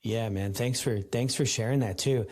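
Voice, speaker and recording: A man hosting a podcast interview who asks soft-spoken, slightly halting questions. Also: medium pitch. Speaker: podcast host.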